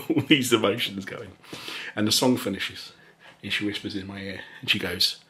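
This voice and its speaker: Chuckling man, soft rambling voice. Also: on the low side, unhurried. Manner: rambling and chuckling, drops into whispers. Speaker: ASMR channel host. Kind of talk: casual storytelling, soft spoken.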